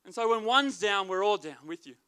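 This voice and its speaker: A man's voice: high voice, lively intonation, a little fast, bright, forceful tone, clean tone. A man preaching as youth leader, with emphatic, repetitive delivery. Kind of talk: sermon.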